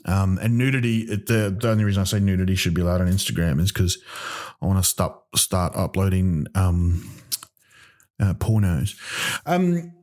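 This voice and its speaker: A man's voice: sits low, expressive, a little mellow. A man hosting a comedy podcast, ranting in mock outrage, full of ums and restarts. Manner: rambling, halting, with many ums and restarts; mock-outraged, exaggerating for laughs. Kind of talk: comic rant.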